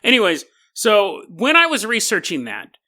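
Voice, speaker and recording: A high-pitched, very lively male podcast host with a sharp, bright tone. He rambles through strange stories with jokes and silly sound effects, often stumbling and correcting himself. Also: moderate pace. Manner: frequent self-corrections and laughter. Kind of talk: casual comedic storytelling.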